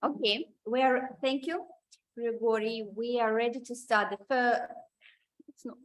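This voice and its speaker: A woman hosts a club meeting and introduces each speaker. Her voice is a little higher than usual. She speaks slowly and without hurry. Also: steady tone. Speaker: meeting host.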